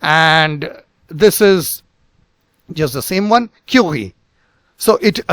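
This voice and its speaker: A man with a high voice gives a pronunciation lesson, saying each word again and again. He talks with many fillers and restarts. The sound is dry and close. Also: lively intonation, a bit bright, no echo. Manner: repeats words slowly, many fillers and restarts. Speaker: physics teacher and channel host.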